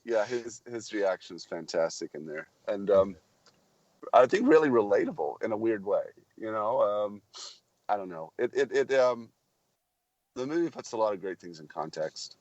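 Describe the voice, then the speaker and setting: Casting: lowish male voice, enthusiastic but halting podcast co-host, dull lo-fi sound. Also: animated, darkish tone, no echo. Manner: halting, repeats words, enthusiastic. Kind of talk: casual chat about films. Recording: muffled lo-fi podcast audio.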